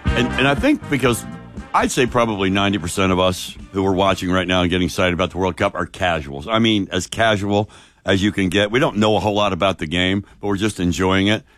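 A male co-host in casual studio chat, animated and telling stories. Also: low-pitched, fast, soft background music. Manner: animated, storytelling, drops into quoted voices. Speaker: morning show co-host.

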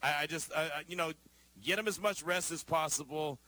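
An animated male sports radio host with a bright, forceful voice pitched a little high. He argues his points emphatically, leaning on rhetorical questions in loose conversational banter. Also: fairly quick, no echo.

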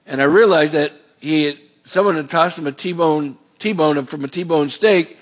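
A man's voice: on the high side, unhurried. A middle-aged male pastor preaching a sermon in a folksy, rambling way, with asides and repeated words.

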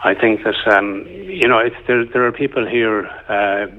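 An Irish man calling into a radio phone-in, making his point earnestly and haltingly, with plenty of ums. His voice is on the low side. It comes through a thin, tinny phone line. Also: expressive. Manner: earnest, hesitant, many fillers. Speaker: caller. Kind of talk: phone-in call.

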